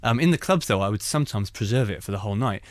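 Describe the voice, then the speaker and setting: A man, a stand-up comedian, telling anecdotes in an animated way. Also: fairly low pitch, rapid-fire, dry recording. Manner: animated storytelling. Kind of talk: conversational anecdotes.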